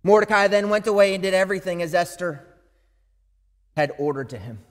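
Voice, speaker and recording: A man preaching a sermon as pastor, earnest, moving between hushed and emphatic speech. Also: sits high, animated, brisk. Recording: long hall reverb.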